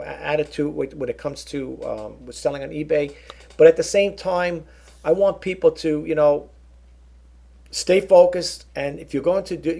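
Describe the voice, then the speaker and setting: A man's voice: on the high side, vocal fry, warm tone. A middle-aged man talking to viewers in a casual vlog monologue, rambling and earnest, often restarting his sentences and turning aside to address the audience. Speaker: YouTube vlogger and eBay reseller.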